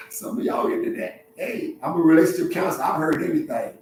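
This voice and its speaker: Man, relationship counselor, livestream talk, animated, preachy, street slang, very echoey room, faint hum. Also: a little high, quick pace, hardly any pauses, far from the mic.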